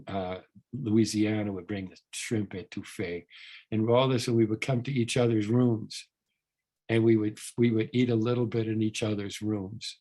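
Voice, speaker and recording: A man's voice: fairly low pitch, darkish tone, breathy edge. Older man telling a rambling story. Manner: rambling, repeats words and restarts, earnest. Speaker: workshop speaker. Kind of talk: storytelling talk at a recovery workshop.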